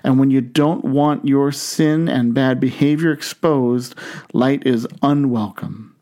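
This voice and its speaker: A man preaching a sermon, reading scripture in a measured, deliberate way. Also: mid-range voice, steady tone, mellow. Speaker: pastor.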